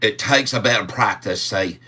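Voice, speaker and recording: A man's voice: on the low side, normal speed, pushed and bright, slightly rough. A man putting on a drawling Australian accent as a folksy bloke. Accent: Australian, put on.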